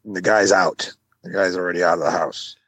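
A man's voice: low-pitched, fairly even intonation, brisk, fairly bright tone, husky, no room sound. A middle-aged man co-hosting a podcast, telling stories in a laid-back, wry casual chat. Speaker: podcast co-host.

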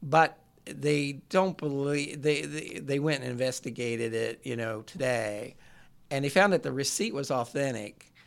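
Male co-host, relaxed explainer, gravelly mid-range voice. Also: medium pitch, unhurried. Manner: relaxed storyteller, explains at length. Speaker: podcast co-host. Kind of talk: casual chat.

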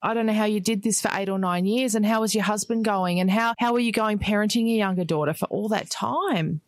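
A woman's voice: mid-range voice, a little fast, dry recording. A woman hosting an interview, chatty and candid, with casual fillers. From Australia. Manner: chatty and candid, leaning on fillers like "you know". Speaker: host. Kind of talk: podcast interview.

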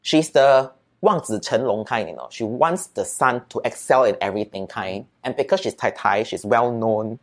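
A man's voice: medium pitch, expressive, moderate pace. Chatty Singaporean man telling stories. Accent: Singaporean English. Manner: chatty, tags sentences with "right?" and "okay?"; mixes in Mandarin words and local particles. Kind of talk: casual storytelling.

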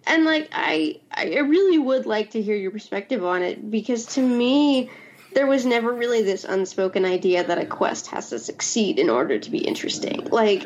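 A woman's voice: on the high side, expressive, moderate pace, a little mellow, dull audio. A woman in a casual film discussion, talking thoughtfully and searching for her words.

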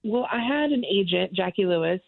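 A woman's voice: medium pitch, lively intonation, brisk, gravelly. A woman in her forties, a guest on a radio talk show, chatting casually and a bit self-deprecating from Florida. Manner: chatty, self-deprecating, acts out quoted voices. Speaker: actress and singer guest. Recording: tinny phone line.

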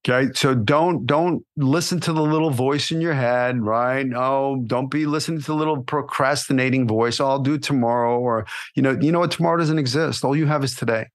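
A man hosting a podcast as an acting coach, giving motivational advice in a lively, coaching way, often tagging on "right?" and "you know". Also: medium pitch, brisk, hardly any pauses.

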